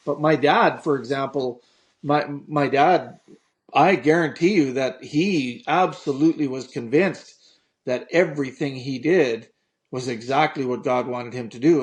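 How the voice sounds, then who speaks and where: A man who is an author, a guest on a podcast, speaking earnestly about his family. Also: fairly high pitch. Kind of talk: casual interview chat.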